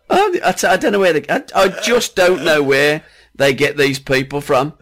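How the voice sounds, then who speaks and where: A man's voice: a little high, measured pace. A man co-hosting a comedy podcast, telling stories in casual banter and laughing often. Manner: giggly, animated storyteller.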